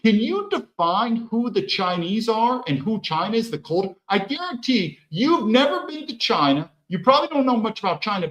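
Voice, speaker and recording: Heated high-pitched man in an echoey room. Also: a bit bright. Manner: heated, rhetorical questions, profane. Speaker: podcast host. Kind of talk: political commentary.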